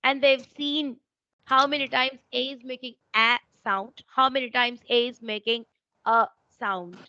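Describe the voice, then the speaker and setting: Indian-accented woman teacher, higher voice, explains patiently, dull dry call audio. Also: fairly even intonation, a little slow, pushed and bright, no room sound. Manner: explanatory, checks for understanding. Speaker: English teacher. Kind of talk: online teaching exchange.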